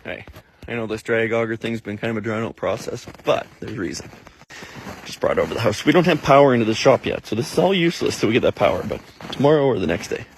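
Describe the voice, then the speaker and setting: A man's voice: fairly low pitch, lively intonation, fast talker, a little hiss or hum. A man, a farmer narrating his own shop project in a dry, muttering, self-deprecating way with offhand swearing. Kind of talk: casual project vlog narration.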